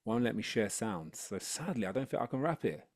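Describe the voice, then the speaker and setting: A rapper and educational consultant talking energetically on a video call webinar, then rapping a picture book. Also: male voice, medium pitch, brisk, no room sound, clean studio sound. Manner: energetic, upbeat, chatty. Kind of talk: webinar talk and live rap.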